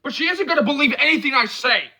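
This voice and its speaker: A man voicing a hot-tempered, drunk young man who snaps, curses and shouts. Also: extremely high pitch, animated, fast talker, voice pushed up, full character voice. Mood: angry. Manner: snapping, cursing, shouting. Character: angry, volatile young man, drinking.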